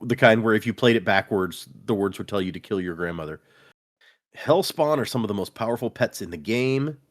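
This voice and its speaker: A man with a lowish voice talks through a book recap in a relaxed, chatty way. He slips into quick put-on voices for the characters and laughs between lines. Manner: animated retelling, acts out quotes, frequent laughs. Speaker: podcast co-host recapping a book. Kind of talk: casual chat.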